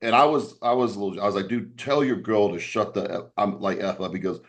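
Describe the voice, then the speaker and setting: Low-voiced guy on a podcast, rambling story, keeps restarting, does the voices of people he's quoting. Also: a little fast. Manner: animated, acts out quoted voices with raised pitch.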